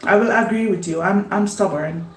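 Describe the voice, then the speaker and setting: A woman vlogger chatting casually while she cooks, unhurried, laughing often and talking herself up. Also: medium pitch. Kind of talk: casual chat while cooking. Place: home kitchen. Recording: roomy echo.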